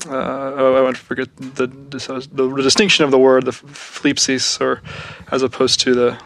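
A young man co-hosting a podcast, talking through matters of faith in a thoughtful, halting way with many fillers and restarts. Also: mid-range voice, completely flat delivery. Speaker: podcast co-host. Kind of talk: reflective faith discussion.

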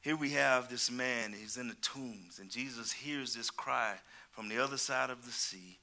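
A male preacher delivering a sermon, calling out to the congregation and swinging between loud exclamations and hushed asides. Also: medium pitch, measured pace. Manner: calls out to the congregation.

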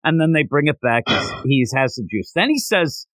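A man hosting a podcast, casually recapping a manga chapter and acting out the characters' lines in quick voices. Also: on the high side, big pitch swings, fairly bright tone, dry recording. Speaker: podcast host.

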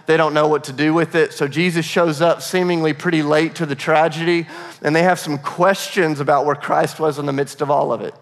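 A man's voice: on the high side, fairly even intonation, a little fast, long reverb tail. A male pastor preaching a sermon in a conversational, earnest way, often restarting his phrases.

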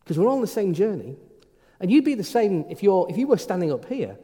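Fast, warm and high-sitting, with big pitch swings, a middle-aged priest's voice moves through an informal sermon in a conversational way. He often stumbles and begins his words again, inside a reverberant hall.

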